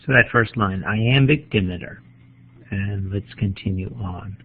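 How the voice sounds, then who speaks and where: Tinny-sounding New lecturer. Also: male voice, fairly low pitch. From New England. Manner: measured, explanatory, pauses to think. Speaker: literature teacher. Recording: tinny phone-like lo-fi recording.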